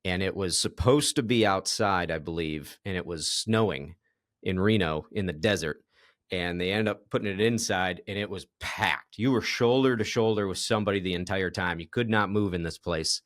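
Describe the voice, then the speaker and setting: A man hosting a casual interview, telling a story in a relaxed way and laughing at his own anecdote. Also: low-pitched, normal speed, no room sound, clean studio sound. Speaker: podcast host.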